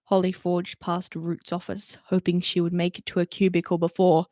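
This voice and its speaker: A woman's voice: fairly low pitch, completely flat delivery, moderate pace, hardly any pauses, dark tone, no echo, clean studio sound. A woman reading a novel aloud and doing voices for the characters, with chatty asides between passages. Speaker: reader.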